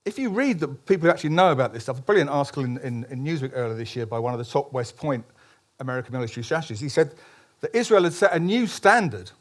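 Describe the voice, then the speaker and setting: A man's voice: mid-range voice, animated, fast talker. Emphatic man giving a speech. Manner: emphatic, with frequent restarts and ironic asides. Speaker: columnist giving a public talk. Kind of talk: public speech at a political meeting. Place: public meeting hall.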